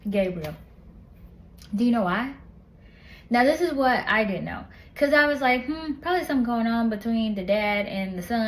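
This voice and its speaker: A woman reviewing a book in casual, animated chat, retelling the plot with slang and lots of asides. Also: medium pitch, slight background noise, low-quality recording.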